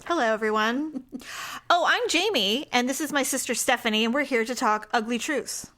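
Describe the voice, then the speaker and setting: Bright high-voiced woman podcast co-host. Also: moderate pace. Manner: animated storyteller, acts out quotes in a high voice. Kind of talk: casual chat.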